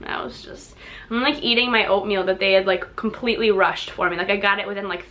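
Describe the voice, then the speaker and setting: A woman's voice: medium pitch, fairly even intonation, fast, a bit bright, muffled recording. A young adult woman vlogging, telling a story in a chatty way, filling her talk with "like" and laughing along. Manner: chatty, fills speech with "like", laughs through the story. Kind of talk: casual storytelling vlog.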